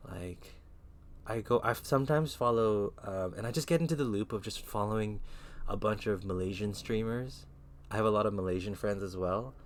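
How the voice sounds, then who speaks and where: Laid-back young man streaming, low voice. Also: normal speed. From Philippines. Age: 20s. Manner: laid-back, slangy, chatty. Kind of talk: casual live-stream chat. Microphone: headset.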